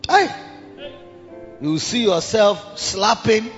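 A man's voice: high voice, sing-song, takes it slowly, a bit bright, in a large hall, muffled recording, faint music behind. A man preaching a sermon as a pastor, dramatic and acting out the voices of others. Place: large church hall.

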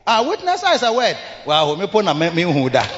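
A man's voice: high voice, wildly swooping pitch, a little fast, a crowd in the background. A man preaching a sermon, dramatically acting out scenes and repeating call-outs. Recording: muffled hall sound with music.

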